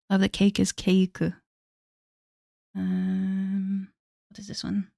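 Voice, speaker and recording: A woman's voice: medium pitch, completely flat delivery, unhurried, creaky, pauses often, dark tone, no room sound. Woman, casual streamer; chatty, self-mocking, laughs a lot; dry, close sound. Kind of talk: casual live-stream chat.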